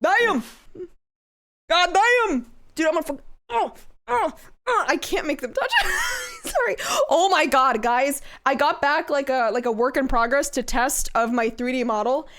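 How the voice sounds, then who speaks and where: A woman's voice: high-pitched, animated, normal speed. A woman VTuber chatting casually on a live stream, crude and swearing freely, often breaking into squealing laughter. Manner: bursts into loud squealing laughter.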